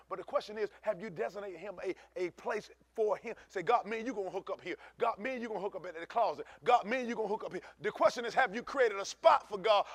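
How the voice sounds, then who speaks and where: High-voiced, animated man preaching. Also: dry recording. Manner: animated preaching, swings from shouting to low asides; conversational, uses African American Vernacular English. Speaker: pastor. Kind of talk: sermon. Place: church.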